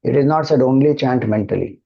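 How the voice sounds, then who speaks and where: A man with an Indian English accent, a spiritual teacher giving a devotional talk and answering questions in a slow, measured, calm cadence. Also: mid-range voice, creaky, husky, dull audio.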